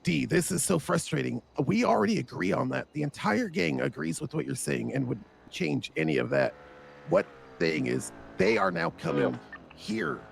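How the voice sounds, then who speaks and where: A man's voice: fairly high pitch, normal speed, creaky, a little hiss or hum. A man speaking in character in a gang roleplay, urgent and insistent, swearing often and pressing his point.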